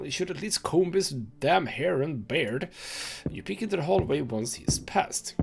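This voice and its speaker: A man playing a narrative game, reading its story text aloud and thinking out loud about his choices, with mild swearing. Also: a little high, vocal fry. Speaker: gaming channel host.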